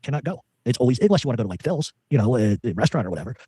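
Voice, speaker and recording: A man's voice: medium pitch, sing-song, rapid-fire, mellow, slightly rough, dry recording. A man telling a story in an interview, rambling with many restarts. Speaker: podcast guest.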